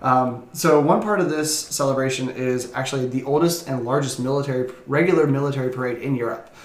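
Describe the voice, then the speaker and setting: A man's voice: mid-range voice, fairly quick. A man co-hosting a beer podcast in loose, chatty talk, often laughing as he speaks. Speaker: podcast co-host. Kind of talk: casual podcast chat. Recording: roomy echo.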